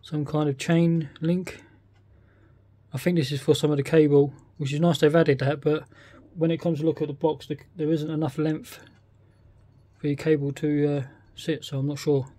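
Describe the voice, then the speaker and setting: A man's voice: on the high side, flat delivery, moderate pace, dark tone, no echo. A man with a British accent, casually talking through a model kit unboxing, often hesitant and thinking aloud. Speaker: scale model kit reviewer.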